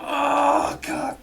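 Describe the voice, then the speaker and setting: A woman's voice: high-pitched, creaky, a bit bright. A woman hosting a gaming video, making chatty, amused asides while wearing headphones. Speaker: gaming channel host. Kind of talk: casual commentary. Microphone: headphones on, desk mic. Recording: game music behind.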